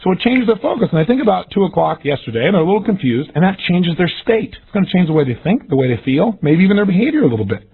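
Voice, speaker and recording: A man giving an energetic, emphatic motivational seminar talk, acting out the questions he quotes. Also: high-pitched, rapid-fire, hardly any pauses, slight background noise. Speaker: motivational speaker. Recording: tinny phone-like lo-fi audio.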